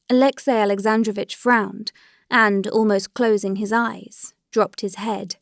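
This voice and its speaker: A woman narrates a classic novel at a steady, even pace. Her voice sits at a middle pitch for a woman. The recording is dry, close and free of room sound. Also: a little slow, vocal fry, no room sound. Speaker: audiobook narrator.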